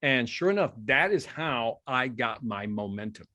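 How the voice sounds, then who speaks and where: A middle-aged man from Chicago tells a story as an interview guest, acting out both sides of the conversation. His voice sits at an ordinary middle pitch. He speaks in a lively, animated way, over what sounds like a remote call. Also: moderate pace, dull audio. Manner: animated storytelling, acts out dialogue.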